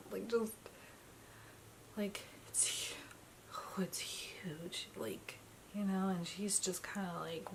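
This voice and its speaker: Young woman, gravelly fry, chatty storyteller, faint hiss behind her. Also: medium pitch, rough recording. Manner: chatty, many fillers, quotes others. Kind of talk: personal storytelling.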